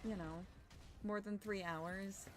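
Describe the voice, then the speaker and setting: Chatty young woman streamer, slightly hoarse. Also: medium pitch, slow, over music. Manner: chatty and rambling, many fillers and restarts; animated greetings to chat. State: slightly hoarse from overuse, recovering. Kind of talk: casual live-stream chat while gaming.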